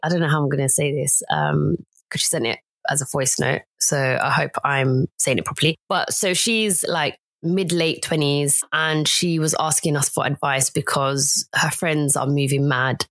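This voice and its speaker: A woman with a lowish voice co-hosting a relaxed podcast, telling stories in an easygoing, hesitant way. Her voice sits close to the mic in a dry sound. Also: normal speed, hardly any pauses, no room sound. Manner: hesitant, easygoing, many fillers. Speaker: podcast co-host. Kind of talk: casual chat, storytelling.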